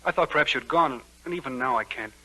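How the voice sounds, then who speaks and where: Ardent young lover Newland. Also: male voice, mid-range voice, fast talker, sharp tone, poor audio. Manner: urgent, pleading, breathless romantic. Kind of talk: 1940s radio acting. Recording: old radio broadcast with faint hiss.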